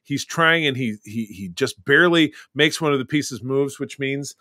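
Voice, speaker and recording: Podcast co-host, male, bright, dry close sound, rambling film recaps. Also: mid-range voice, moderate pace, no echo. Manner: rambling, recaps scenes in detail. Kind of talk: casual movie discussion.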